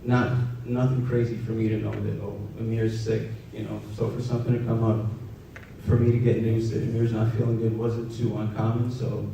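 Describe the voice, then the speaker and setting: A young man telling a personal story in a halting, soft-spoken way, with many fillers. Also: level tone, gravelly. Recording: roomy, distant, dull with faint rumble.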